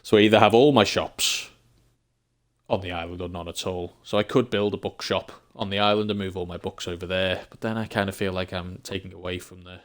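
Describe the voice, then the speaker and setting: A low-pitched English man giving relaxed, rambling commentary on a live game stream. He thinks aloud as he goes and breaks into chuckles now and then. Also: brisk. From England.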